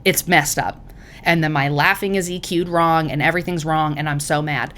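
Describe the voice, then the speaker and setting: A woman co-hosting a podcast in casual chat, loud and profane, telling stories animatedly. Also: deep voice, fairly even intonation, moderate pace. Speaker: podcast co-host.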